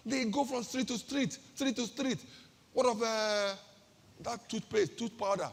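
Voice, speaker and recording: Husky Nigerian woman preaching in a hall. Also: fairly high pitch, a little slow. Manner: emphatic, repeats key phrases, rhetorical questions. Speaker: pastor. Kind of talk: lively sermon-style business talk.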